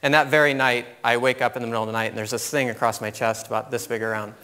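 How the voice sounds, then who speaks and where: A man in his thirties giving a conference talk, telling a personal story in an animated way and laughing at his own story. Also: medium pitch, fast, clean tone. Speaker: conference speaker. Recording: long hall reverb.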